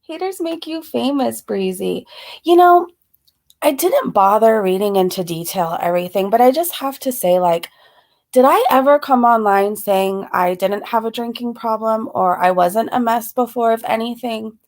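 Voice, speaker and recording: A woman's voice: a little high, animated, moderate pace, darkish tone. Breathless, chatty woman on a live stream. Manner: chatty, greets viewers by name, laughs between phrases. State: slightly out of breath. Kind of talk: casual live-stream chat.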